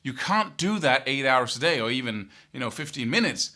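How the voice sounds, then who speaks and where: A middle-aged man teaching guitar, talking in an animated way and scatting riffs with syllables. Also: mid-range voice, moderate pace. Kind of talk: spoken guitar lesson.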